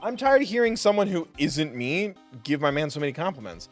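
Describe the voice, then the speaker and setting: A man's voice: on the high side, very animated, a little fast, faint music behind. A man streaming a game, giving playful, wisecracking commentary. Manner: playful, wisecracking, laughing often. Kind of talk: jokey gameplay commentary.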